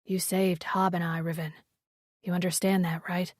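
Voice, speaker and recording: A stern, protective male warrior speaks in a low, clipped growl, as a woman narrator puts him on. His lines come out curt and gruff, lower than her own voice, and the sound is dry and close. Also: flat delivery, normal speed, no echo, natural voice.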